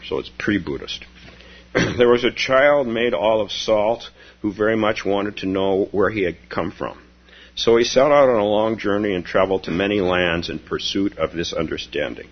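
A man teaching as a Zen teacher in a gentle, storytelling dharma talk, repeating key phrases softly. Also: deep voice, normal speed, lo-fi sound.

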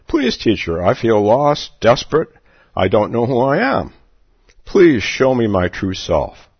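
A man's voice: medium pitch, sing-song, unhurried, creaky, husky, no echo, highs cut off, voice pushed up, exaggerated voice. A man doing a desperate pleading seeker. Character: distraught grown man pleading with a teacher.

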